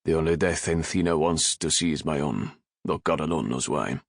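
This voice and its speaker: A proud, hot-tempered sea captain who barks and roars at his crew, as a man acts him out. His voice sits low, read close and dry in a storybook. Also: moderate pace, creaky, no echo, exaggerated voice. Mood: gruff. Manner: commanding, roaring orders.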